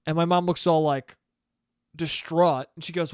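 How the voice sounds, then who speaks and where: A young man hosts his own podcast, telling a long story in a loose, profane ramble that keeps flaring into loud disbelief. His voice sits high for a man. The sound is close and dry, with no room around it. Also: fairly even intonation, a little slow, clear, resonant tone, dry recording. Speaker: podcast host. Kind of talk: solo podcast monologue.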